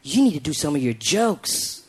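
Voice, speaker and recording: A man doing a low, laid-back rapper drawl. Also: big pitch swings, normal speed, husky. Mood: coaxing. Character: laid-back male rapper, casual and cool.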